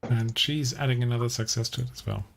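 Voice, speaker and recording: A man's voice: medium pitch, fast talker, creaky, background noise. A man running a tabletop game as game master, describing scenes and asking players what they do.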